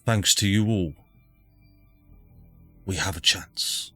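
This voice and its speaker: A man voicing a weary, solemn woman leader in a tabletop game, pleading in a grave, measured way. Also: low voice, fairly bright tone, no echo, faint music behind, heavily acted.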